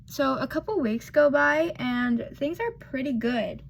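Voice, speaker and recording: Speaking at a measured pace with vocal fry, an eighteen-year-old woman with a high voice rambles through a personal story. Fillers, self-deprecating remarks, and murmured asides come as she does her makeup, and there's slight background noise.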